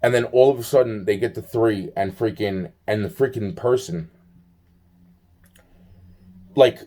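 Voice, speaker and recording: A man's voice: on the low side, unhurried, mellow. A young man telling a personal story in an agitated, rambling way, swearing often and restarting his sentences. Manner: agitated, profane, many restarts and fillers.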